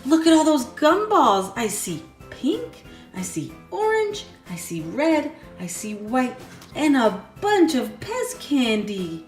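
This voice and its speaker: A young woman hosting a children's toy video, talking in a sing-song, excited way and counting slowly. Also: high-pitched. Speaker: kids' toy video host. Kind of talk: children's toy play narration. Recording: echoey room, faint music.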